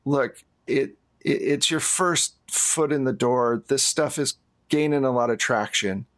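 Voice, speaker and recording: A man's voice: medium pitch, a little slow, fairly bright tone, close to an everyday voice. A man voicing a brusque, impatient male film director in a tabletop game. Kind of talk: tabletop role-play character voice.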